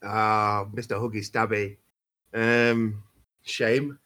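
A man's voice: fairly low pitch, little pitch movement, slow pace, bright, forceful tone. A man playing a character in a tabletop game, speaking hesitantly with many ums and restarts. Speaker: player. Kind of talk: tabletop role-play.

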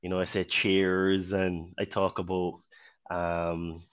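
A man from Barbados with a mixed Caribbean and British accent, a podcast guest talking in an earnest, measured way. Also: sits low, completely flat delivery, clear, resonant tone, dull audio. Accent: Barbadian with British influence. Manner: earnest, measured, many you-knows. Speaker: podcast guest, fitness trainer. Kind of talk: casual interview talk.

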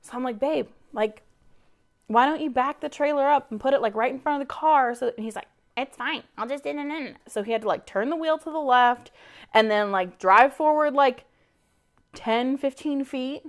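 Animated woman venting a story. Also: high-pitched, moderate pace. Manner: animated, acts out quoted dialogue, swears freely; exasperated venting. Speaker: podcast co-host. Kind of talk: casual storytelling chat.

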